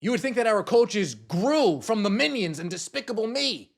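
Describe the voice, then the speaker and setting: A man's voice: high-pitched, animated, moderate pace, creaky. A man hosting a podcast, delivering an angry sports rant, swearing and repeating himself. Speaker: podcast host.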